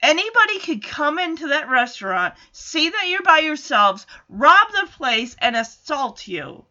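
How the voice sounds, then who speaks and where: A woman's voice: sits high, big pitch swings, measured pace, pushed and bright, dull audio. A woman in a casual, chatty recap of a TV episode. She acts out the characters' lines as she goes, with lots of "like" and side comments. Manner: chatty, quotes characters, frequent "like" and asides.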